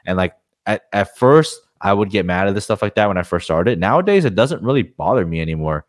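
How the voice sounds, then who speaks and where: A man's voice: fairly low pitch, expressive, a little fast, no echo, clean studio sound. A man talking as a guest on a podcast, frank and rambling, swearing casually as he explains his points.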